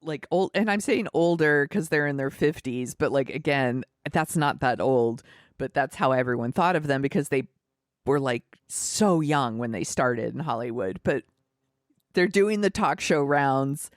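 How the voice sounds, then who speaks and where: A woman's voice: a bass voice, unhurried, no echo. Chatty woman podcast co-host, dry mic. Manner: chatty, animated recapping with laughs and fillers. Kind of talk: casual movie discussion.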